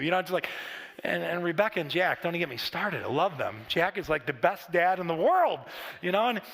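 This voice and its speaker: A man's voice: high voice, expressive, a little fast, vocal fry, a bit bright, big-room sound. A middle-aged man preaching a sermon in a conversational, storytelling way with frequent restarts and asides. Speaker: pastor. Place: large church auditorium.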